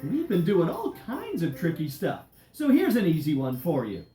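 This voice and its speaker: A woman's voice: lowish voice, wildly swooping pitch, normal speed. A woman voicing a cheerful, friendly male candy game leader who plays a follow-the-leader game with children. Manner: bouncy, playful, coaxing children. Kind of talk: children's DVD game hosting. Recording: roomy echo with music behind.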